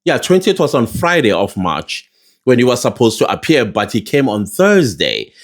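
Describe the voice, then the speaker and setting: A South African man giving casual commentary to his viewers, animated and laughing often, with big swings in his voice. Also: medium pitch, moderate pace. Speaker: news commentator.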